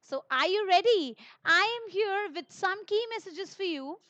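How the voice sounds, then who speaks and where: A woman's voice: very high voice, expressive, unhurried, pushed and bright, dry recording. A woman with an Indian English accent, teaching an online lesson and speaking to her students in an upbeat, encouraging way. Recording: dull lo-fi recording.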